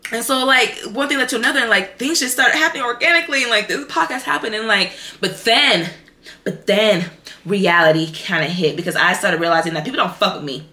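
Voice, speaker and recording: A young woman hosting her own podcast, telling a personal story in a candid, profane, animated way, full of fillers like "like" and "y'all". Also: medium pitch, fast, reverberant. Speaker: podcast host. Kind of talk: casual storytelling monologue.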